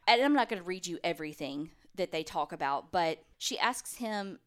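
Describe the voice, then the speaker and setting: Casting: woman, lower voice, casual true crime podcast host who narrates the case. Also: expressive, normal speed, hardly any pauses. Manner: retells the case and voices quoted people in brief bits.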